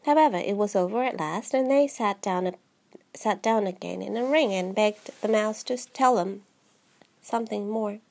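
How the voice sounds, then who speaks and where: A woman's voice: mid-range voice, moderate pace, darkish tone. A woman with a head cold, reading a children's book aloud in English, with frequent slips and restarts. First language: Japanese. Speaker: amateur reader.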